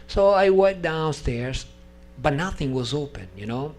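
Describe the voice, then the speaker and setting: A man's voice: on the high side, unhurried. A man whose first language is not English tells a personal story to a gathering, acting out the voices of the people in it. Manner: animated, acts out voices of people in his story. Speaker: speaker sharing a personal testimony.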